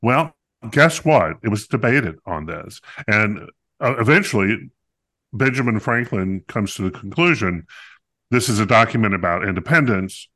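A man with a lowish voice and a bright, forceful edge, chatting casually as a podcast co-host. He talks in a loose, playful way, full of ums and restarts. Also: lively intonation, normal speed. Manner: talkative, playful, many fillers and restarts. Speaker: podcast co-host reviewing a musical. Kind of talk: casual chat.

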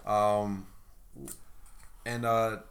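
A man's voice: lowish voice, level tone, very slow. A man co-hosting a casual podcast chat, blunt and critical in his opinions. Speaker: podcast co-host.

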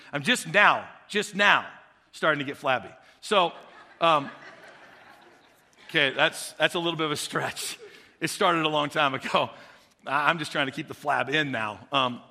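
A male pastor preaching a sermon, swinging between quiet, conversational asides and loud, shouted exhortation. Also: sits high, long reverb tail.

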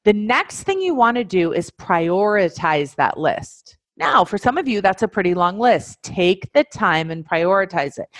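A woman's voice: mid-range voice, no echo, clean studio sound. A woman coaching an audience in a webinar, speaking emphatically, repeating key phrases and addressing her listeners directly. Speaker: life coach teaching a webinar. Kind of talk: instructional webinar talk.

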